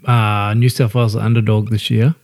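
A man's voice: fairly low pitch, flat delivery, brisk, gravelly, darkish tone. A man co-hosting a casual podcast, talking bluntly and swearing freely. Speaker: podcast co-host. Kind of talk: casual pub chat.

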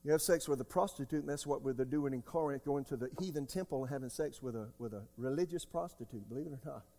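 A man in his sixties preaching a sermon as pastor, emphatic, jumping between loud outbursts and quiet asides. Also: medium pitch, quick pace. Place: church sanctuary. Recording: long hall reverb.

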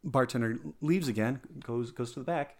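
A man co-hosting a podcast, telling a long joke in casual chat with many restarts and quick voices for the characters. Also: mid-range voice, darkish tone. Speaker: podcast co-host.

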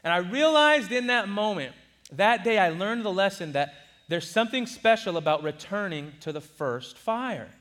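A man in his twenties from Southern California, telling a personal story in a sermon with lively delivery and acted-out quotes. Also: sits high, normal speed. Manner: animated, acts out quoted voices. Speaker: preacher.

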